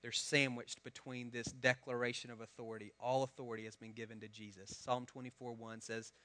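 A man's voice: medium pitch, little pitch movement, fairly quick, sharp tone. A man, a pastor giving a conversational sermon and asking the congregation questions. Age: 30s.

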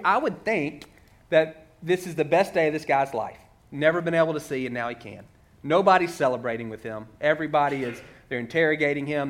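A man preaching a sermon in a conversational way, walking through a story and asking many rhetorical questions. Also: a little high.

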